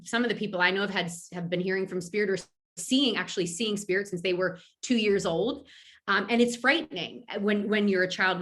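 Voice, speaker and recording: Bright-voiced chatty middle-aged woman. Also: medium pitch. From Philadelphia. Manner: chatty, lots of fillers and restarts. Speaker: guest medium and intuitive. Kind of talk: casual interview answers.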